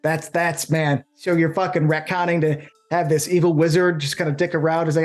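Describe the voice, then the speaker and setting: A man's voice: a little high, brisk, hardly any pauses, faint music behind. A man co-hosting a show, complaining animatedly in casual debate and breaking into put-on voices. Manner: animated, complaining, acts out voices mid-sentence. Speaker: co-host debating a film.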